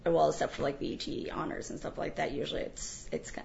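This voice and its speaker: A woman in casual conversation, telling an animated, profane story and laughing often. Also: low-pitched, fast, vocal fry, highs cut off, a little hiss or hum. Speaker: guest.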